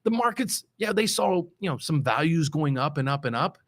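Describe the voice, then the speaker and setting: Chatty man talking mortgages, slightly high. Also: expressive, normal speed. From West Virginia. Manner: rambling, repeats words, stresses key points. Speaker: mortgage loan officer, show host. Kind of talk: casual unscripted market commentary.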